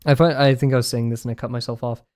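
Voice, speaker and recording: A man's voice: medium pitch, steady tone, very fast, darkish tone. A young man streaming as he draws, chatting casually in a rambling, amused way and often correcting himself. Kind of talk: casual chat while drawing on stream.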